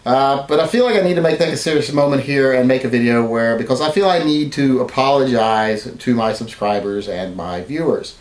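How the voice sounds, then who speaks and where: A man's voice: mid-range voice, brisk, few pauses, echoey room. A man vlogging a mock-serious apology to his channel viewers, rambling and working himself into mock outrage. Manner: rambling, deadpan then mock-outraged rants.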